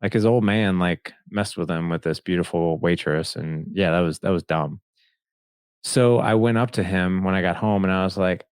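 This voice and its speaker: A man's voice: sits low, brisk, smooth, dry recording, clean studio sound. A man in his forties, a podcast guest, telling personal stories in an earnest, candid way. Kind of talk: conversational interview storytelling.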